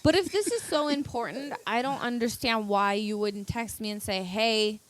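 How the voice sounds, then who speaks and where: A woman's voice: fairly high pitch, moderate pace, dry recording, poor audio. A woman co-hosting a podcast, chatting casually and giving frank relationship advice. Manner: advice-giving, talks over others. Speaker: podcast co-host. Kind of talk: casual chat.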